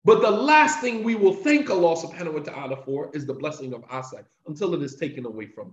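A man preaching a devotional talk, emphatic, repeating key lines for effect and reciting Arabic passages quickly between his English explanations. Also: on the high side, animated. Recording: echoey, slightly dull recording.

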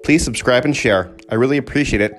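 A man's voice: mid-range voice, fast, soft background music, poor audio. A man co-hosting a casual podcast chat, chatty, often stumbling and repeating his words. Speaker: podcast co-host.

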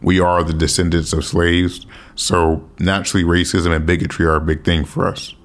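A man's voice: low voice, flat delivery, normal speed. A man from the United States giving a casual, rambling opinion monologue, often correcting himself and swearing offhandedly. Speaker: commentator.

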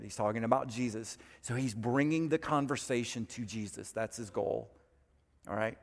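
A man's voice: mid-range voice, moderate pace, creaky. A man preaching from the pulpit, earnest and emphatic, leaning on repeated phrases to build his point. His voice sits in a middle range and rings out with long reverb across a large church sanctuary. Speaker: pastor. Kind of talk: sermon.

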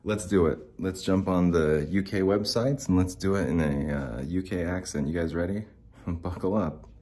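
Male podcast host, very deep voice, loose sarcastic monologue. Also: moderate pace, mellow. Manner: rambling, sarcastic, fillers and restarts. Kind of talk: casual solo rant.

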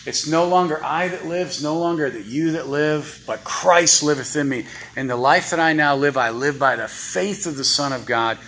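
A man's voice: fairly high pitch, normal speed, few pauses, fairly bright tone, low-quality recording. A man preaching a sermon in a church, chatty and full of rhetorical questions to the congregation. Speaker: guest preacher. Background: congregation responses.

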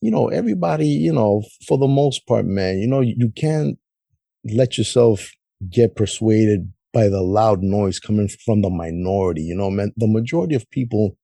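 A man's voice: lowish voice, animated, moderate pace, vocal fry, warm tone, breathy edge, no room sound. A man co-hosting a podcast, talking politics bluntly with lots of swearing and a casual "man" in most sentences. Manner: blunt, heavy swearing, says "man" often. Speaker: podcast co-host.

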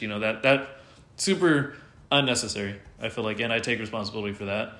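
Low-ish voiced guy talking fast and loose, lots of likes and cussing, roomy echo. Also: sharp tone. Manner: rambling, frequent fillers and swearing. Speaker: guest. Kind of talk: candid casual conversation.

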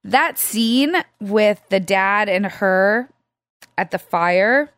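A woman's voice: mid-range voice, expressive, drawn-out words, fairly bright tone, no room sound, clean studio sound. A woman co-hosting a casual film review chat, emotional and gushing, tearful and laughing often.

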